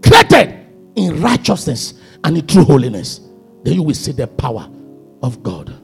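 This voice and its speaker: A man preaching a sermon as pastor, swinging between shouted climaxes and hushed low passages. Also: sing-song, normal speed, vocal fry, soft background music.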